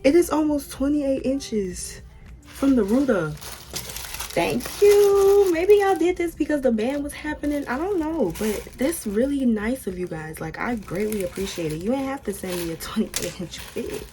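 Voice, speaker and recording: A woman's voice: a little high, animated, moderate pace, mellow. A young American woman chatting casually to her viewers while unboxing and fitting a wig. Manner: chatty, talks straight to viewers with "y'all". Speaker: vlogger.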